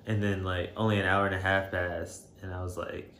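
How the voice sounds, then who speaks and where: A man telling a personal story to camera, shaken and emotional, halting and hesitant with many fillers. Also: low voice, little pitch movement, fairly bright tone. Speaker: vlogger. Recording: roomy echo, faint background noise.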